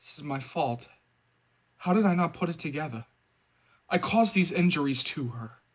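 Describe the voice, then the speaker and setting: A man hosting a movie fan channel, reading a book excerpt aloud and then chatting casually about it in an animated way. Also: fairly high pitch, moderate pace, slightly rough, rough recording. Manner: animated, expressive.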